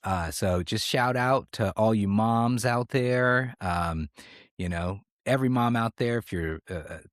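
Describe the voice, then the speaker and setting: Low-voiced playful rambling man. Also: unhurried, no echo, clean studio sound. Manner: rambling, playful, mock-serious. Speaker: podcast co-host. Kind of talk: casual comedic podcast chat.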